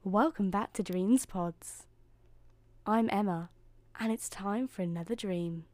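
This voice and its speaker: A woman's voice: medium pitch, slow pace, darkish tone, no echo. Soothing bedtime storyteller woman. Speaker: host and storyteller.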